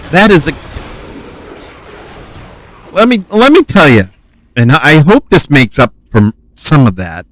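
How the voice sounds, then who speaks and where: A man's voice: a little high, huge pitch swings, slow pace, long pauses, a bit bright, dry recording. Joking man streaming a game. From Cincinnati, US Midwest. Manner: playful, joking, chatty. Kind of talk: casual gaming commentary.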